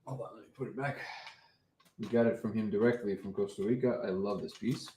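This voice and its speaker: A man with a fairly low voice hosts a casual livestream, chatting loosely with plenty of fillers and false starts. He now and then wanders away from the microphone, so his voice comes and goes in strength. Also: fairly even intonation, a little fast, mellow, a little hiss or hum. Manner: rambling, hesitant, many fillers and restarts. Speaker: livestream host. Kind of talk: casual live chat.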